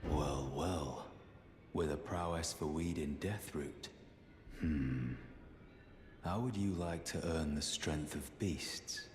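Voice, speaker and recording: A stern hunter of the undead from a video game, with a very deep voice and an unhurried, grave delivery. The sound is roomy, with a faint ambience behind it. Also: male voice. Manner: calm, grave and deliberate.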